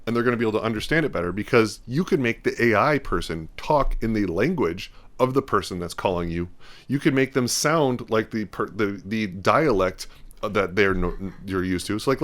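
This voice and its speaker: Lowish-voiced man talking casually. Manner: animated, rambling, acts out quoted dialogue. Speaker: podcast host. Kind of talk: casual talk.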